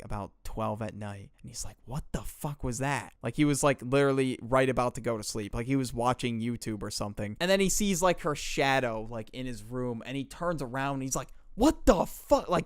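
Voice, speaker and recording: A young man telling a story in casual, slangy narration, acting out the people in it with quick voice changes. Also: medium pitch, clear, resonant tone, dry recording, studio quality. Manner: animated, slangy, acts out quotes in shifting voices.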